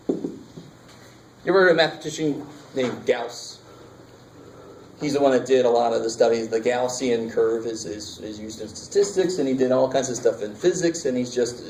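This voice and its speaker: A man's voice: mid-range voice, a little mellow, reverberant, a little hiss or hum, rough recording. A man teaching a math class, casual and joking, talking straight to his students. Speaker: math instructor. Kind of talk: classroom lecture. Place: lecture classroom.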